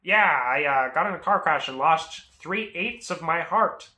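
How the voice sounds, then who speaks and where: A man's voice: on the high side, animated, unhurried, sharp tone, roomy sound, full character voice. A man voicing a chatty male tow truck driver who overshares and calls people bud.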